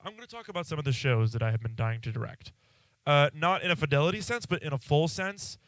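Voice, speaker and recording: Rambling young man with a smooth voice. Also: on the high side, lively intonation, fast talker, a bit bright, no room sound, rough recording. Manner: rambling, candid, swears freely, frequent fillers and restarts. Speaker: podcast host. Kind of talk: casual solo podcast monologue. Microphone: audio interface microphone.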